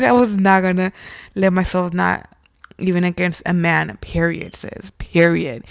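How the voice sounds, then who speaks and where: A young woman a gravelly, creaky voice, hosting a casual podcast. She reads listener stories aloud and reacts bluntly, swearing freely. The sound is dry and close, no room echo. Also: on the low side, steady tone, normal speed. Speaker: podcast host.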